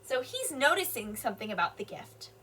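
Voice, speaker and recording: A woman kindergarten teacher reading a picture book aloud to young children, slowly explaining each sentence in simple words. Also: sits high, very animated, bright, forceful tone, slightly rough. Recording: voice a bit distant from the mic.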